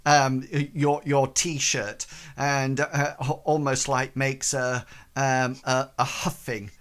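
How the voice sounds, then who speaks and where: A man narrating a tabletop game as game master, in a halting, hesitant way with many pauses and restarts. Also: mid-range voice, level tone, fairly bright tone, clear, resonant tone.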